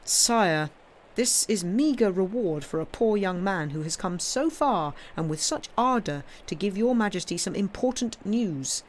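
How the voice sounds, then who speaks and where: A woman's voice: mid-range voice, lively intonation, a little slow, a little hiss or hum, voice pushed up, lightly acted. A woman reading aloud, voicing an eager, loyal older duke at court. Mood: pleading. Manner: earnest, pleading.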